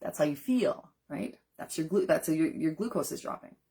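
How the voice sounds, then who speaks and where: Low husky woman on a live stream, earnest, talks right to her viewers like a nutrition coach. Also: expressive, moderate pace, warm tone. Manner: earnest, talks straight to viewers, answers comments. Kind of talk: casual live-stream chat.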